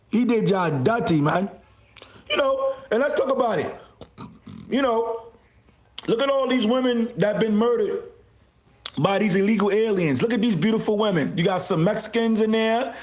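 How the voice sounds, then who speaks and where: High voiced dude ranting slow on his stream, mocks the chat, echoey room. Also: expressive. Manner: mocking, loud laughing outbursts, insults viewers. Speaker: livestream host. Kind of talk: ranting livestream commentary.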